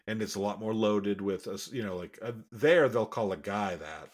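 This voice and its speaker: A man's voice: on the low side, normal speed. A middle-aged man co-hosting a podcast, talking casually in a rambling, restarting way with lots of fillers. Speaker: podcast co-host.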